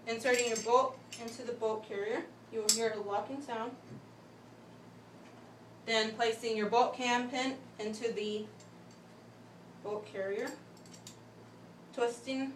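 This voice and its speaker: A young woman giving a step-by-step class demonstration speech, talking methodically with pauses and restarts. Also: on the high side, fairly bright tone. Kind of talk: step-by-step instructional demo. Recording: echoey room, voice from a distance, faint background hum.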